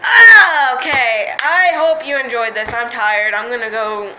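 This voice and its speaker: A woman's voice: a little high, normal speed, heavy background noise. A woman talking straight to camera in a candid vlog, frustrated and rambling, swearing freely and often apologizing. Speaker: vlogger. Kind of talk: candid, unscripted vlog monologue.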